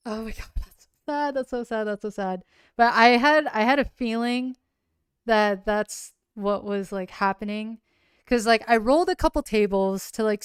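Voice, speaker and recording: On a livestream, a woman rambles through a recap of her solo tabletop game, leaning heavily on "like" and gushing openly. Her medium-pitched voice is clear and resonant, captured at studio quality with no echo.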